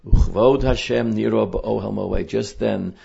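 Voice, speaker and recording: A man's voice: on the low side, fairly even intonation, a little slow, vocal fry, dark tone, slightly rough. A man teaching a Torah portion lesson in an earnest, emphatic way, reading Hebrew verses and translating them. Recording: dull lo-fi recording.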